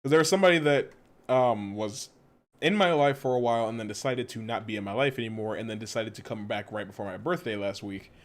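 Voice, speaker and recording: A man's voice: on the low side, quick pace. A man from the western United States chatting casually and profanely while streaming a game, rambling with lots of slang. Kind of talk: casual gameplay chat.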